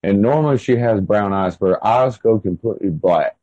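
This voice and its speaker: A man's voice: fairly low pitch, moderate pace, warm tone, no echo, dull audio. A man in his thirties telling his own story in an interview, rambling and full of fillers. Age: 30s. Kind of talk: casual first-person storytelling.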